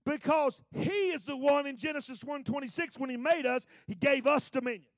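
High-pitched, fervent preacher. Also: male voice, brisk, few pauses, no echo, studio quality. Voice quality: colloquial, folksy. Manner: fervent, emphatic, swings between shouting and hushed asides. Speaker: pastor. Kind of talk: sermon.

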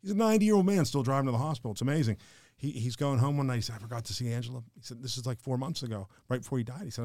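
An older man, a podcast guest telling stories quickly, acting out the dialogue. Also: medium pitch, dry recording, studio quality. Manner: fast, animated storyteller who acts out quoted dialogue. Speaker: podcast guest, financial advisor. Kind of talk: emotional storytelling in conversation.

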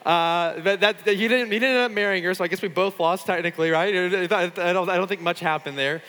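A man's voice: sits high, quick pace, sharp tone, big-room sound. A man, a pastor telling chatty, self-deprecating stories to a retreat crowd with plenty of fillers. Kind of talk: casual sermon talk at a retreat.

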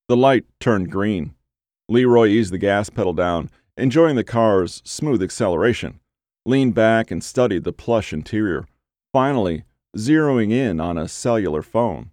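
Male audiobook narrator, gritty crime story, low voice, dry close read. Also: animated, moderate pace, darkish tone, dry recording. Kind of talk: scripted crime fiction narration.

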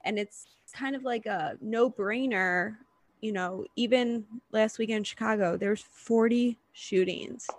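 A woman hosting an interview, talking in a relaxed, conversational way with casual fillers. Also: a little high, a little slow, no echo. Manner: relaxed, conversational, uses fillers like "you know". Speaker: podcast host.

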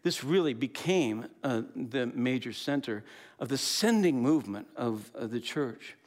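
A man preaching a sermon, telling the story in an animated, playful way with casual asides. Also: medium pitch, measured pace. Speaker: pastor.

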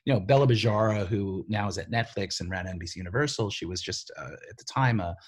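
A man who writes for television, telling stories from his career in a rambling, animated way, full of "like" and "you know.". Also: on the low side, fast, slightly rough. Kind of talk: casual storytelling interview.

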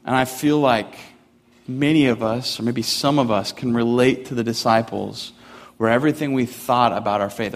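A man's voice: mid-range voice, in a large hall. A man preaching a sermon in a casual, conversational way, with many "like" fillers, building intensity as he goes. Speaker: pastor.

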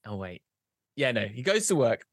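A man's voice: mid-range voice, very animated, moderate pace, breathy edge, dry recording, studio quality. Rambling man telling a joke. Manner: rambling, loses track, restarts. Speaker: podcast co-host.

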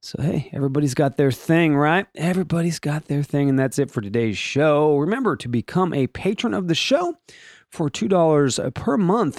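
Animated rambling male podcast host. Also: no room sound, clean studio sound. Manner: rambling, jokey, animated, swooping pitch. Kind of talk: casual solo podcast chat.

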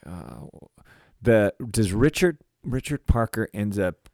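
Thoughtful low-voiced man, dry sound. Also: expressive, slow pace, darkish tone, no echo. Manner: thoughtful, hesitant, many fillers and restarts. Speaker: teacher discussing a novel. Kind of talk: casual book discussion.

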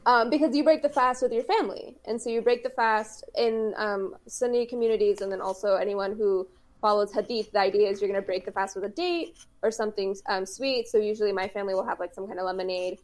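A woman's voice: mid-range voice, quick pace. Woman cohosting a podcast, chatty and explaining stuff, laughs a lot, medium voice. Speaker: podcast co-host. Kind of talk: casual chat.

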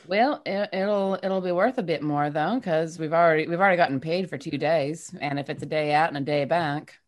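A woman's voice: low-pitched, fairly quick. A woman taking part as a player in a tabletop role-playing game, reasoning aloud with restarts. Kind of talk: casual tabletop play.

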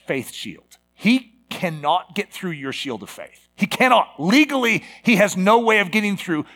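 A man's voice: sits high, bright, forceful tone. A man preaching a sermon, moving from a personal story to emphatic exhortation.

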